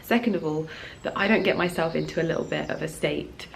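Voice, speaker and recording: A woman's voice: deep voice, fast talker, creaky, slight background noise. A woman in her thirties from England, chatting casually and gushingly to camera while vlogging outdoors in her home garden. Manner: chatty, gushing, restarts and trails off. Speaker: lifestyle vlogger. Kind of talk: casual vlog chat.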